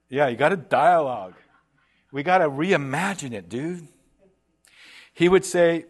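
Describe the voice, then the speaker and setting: A male preacher talking to a congregation in a loose, conversational way. He tosses in slang and briefly acts out the lines of the people he quotes, with a middle-pitched voice. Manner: casual and animated, slangy asides like "dude"; voices imagined speakers in quick asides. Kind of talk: sermon.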